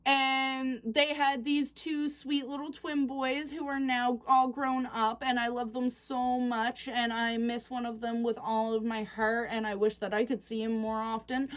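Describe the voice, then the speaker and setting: A chatty, excitable woman casually reacting to posts on her vlog, quick to laugh. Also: a little high. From Canada. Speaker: reaction channel host.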